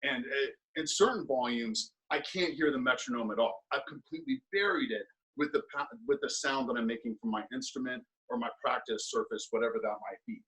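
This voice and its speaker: A man teaching percussion in an instructional clinic, counting beats aloud and explaining practice habits in a relaxed, thinking-aloud way full of fillers. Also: medium pitch, a little fast, poor audio. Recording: steady ticking and tapping noise under the voice.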